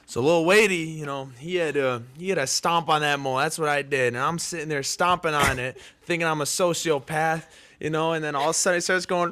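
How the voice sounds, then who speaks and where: A man with a slightly high, bright, ringing voice tells stories on a casual podcast. He swears freely, laughs through his own punchlines, and gets louder and higher as the story builds. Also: fairly even intonation, a little fast. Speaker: podcast co-host.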